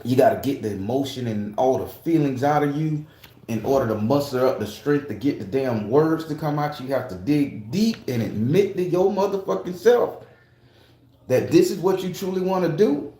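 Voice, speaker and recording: Mellow-voiced man telling a story, echoey. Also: mid-range voice, animated, normal speed. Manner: profane, emphatic storyteller. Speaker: tarot reader. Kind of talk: casual storytelling monologue.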